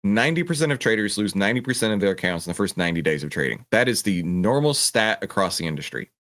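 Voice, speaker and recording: A man's voice: fairly low pitch, fast talker. A man hosting a livestream Q&A, talking with passion and acting out voices of other people. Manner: passionate, animated, mimics a panicking trader. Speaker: host answering viewer questions. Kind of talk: livestream Q&A on stock trading.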